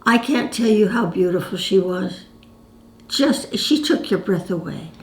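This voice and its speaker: A woman's voice: medium pitch, animated, unhurried. A woman in her nineties telling her own stories to camera in a chatty, reminiscing way, calling the viewer "my dear". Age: 90s. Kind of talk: casual storytelling to camera. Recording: roomy echo.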